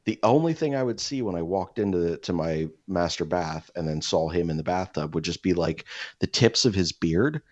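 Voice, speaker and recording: Young male podcast host, very low voice, rambling, profane storytelling, dry lo-fi sound. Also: lively intonation, normal speed, darkish tone, no room sound. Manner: rambling, profane, many fillers and restarts. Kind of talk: casual storytelling chat.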